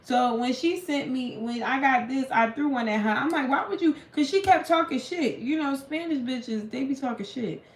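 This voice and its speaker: A woman's voice: high voice, normal speed, hardly any pauses. A woman tarot reader in casual late-night live chat, telling stories in a blunt, profane way. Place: room at home at night. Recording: echoey room with faint hum.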